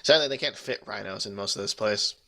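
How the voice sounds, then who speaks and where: A man's voice: fairly low pitch, brisk, sharp tone. A man running a tabletop game as game master, joking and rambling with restarts.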